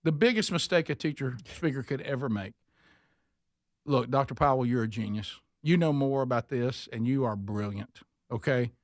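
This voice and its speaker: A man hosting a talk show, telling a funny story with lively mimicry of other people's voices. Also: mid-range voice, moderate pace, dry recording, studio quality. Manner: animated, mocking voices in his story. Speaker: radio show host.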